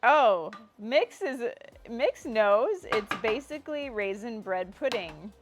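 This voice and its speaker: A woman's voice: a little high, very animated, slow, noisy background. A woman co-hosting a casual stream, giggling often and reading out viewer comments. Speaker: stream co-host.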